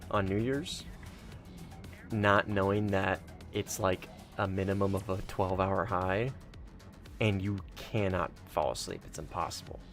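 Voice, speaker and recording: A tired man chatting casually with friends while gaming late at night, laid-back and joking, swearing freely. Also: on the low side. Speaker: gamer playing with friends on voice chat. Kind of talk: casual gameplay chat.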